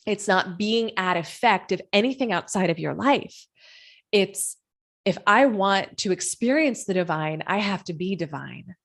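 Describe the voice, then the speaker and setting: A woman's voice: medium pitch, lively intonation, unhurried, vocal fry. A woman hosting her own podcast, talking alone in an earnest, reflective way and asking many rhetorical questions. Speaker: podcast host. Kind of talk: solo podcast monologue.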